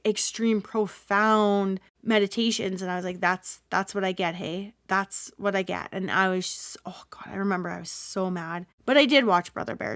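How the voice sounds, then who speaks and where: A woman's voice: mid-range voice, dry recording, studio quality. A woman hosting a solo spiritual podcast as a Reiki healer, talking in an earnest, emotional and rambling way with many asides.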